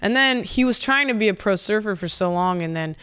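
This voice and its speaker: A woman's voice: mid-range voice, lively intonation, fairly quick, fairly bright tone, clear, resonant tone. A woman from San Diego, a podcast guest chatting casually and telling rambling stories full of swearing and laughter in a studio. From San Diego, California. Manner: rambling, swearing storyteller who laughs often. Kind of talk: casual chat.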